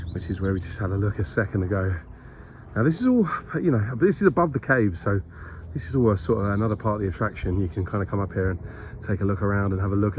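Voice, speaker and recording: A man with a darkish voice on the low side films a casual walking vlog while exploring a historic site on a hilltop beside a graveyard. Out of breath, he's chatty and rambling and pokes fun at himself, with birdsong and slight background noise around him.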